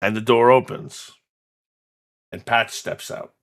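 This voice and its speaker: A man narrating as game master of a tabletop horror game, telling the scene in a slow, deliberate way. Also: medium pitch, steady tone.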